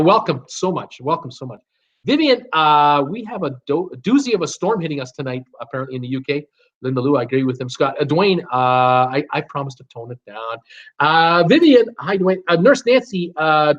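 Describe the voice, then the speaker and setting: A man's voice: mid-range voice, dull audio. A middle-aged man hosting a live cruise chat stream, chatty and upbeat as he reads out viewer comments with lots of fillers. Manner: chatty, upbeat, reads names and greetings aloud with many fillers.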